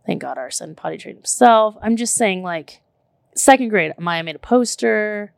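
A woman in her thirties chats casually with a gravelly edge of vocal fry. She tells her story in an animated, emphatic way, leaning on "like". Her voice sounds close and dry, with no room echo. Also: medium pitch, moderate pace. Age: 30s. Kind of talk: casual chat.

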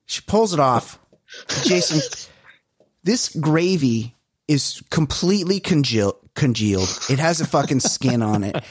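A man co-hosting a podcast in casual chat, ranting in an animated way and swearing often. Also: a little high, measured pace, slightly rough, dry recording, clean studio sound. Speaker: podcast co-host.

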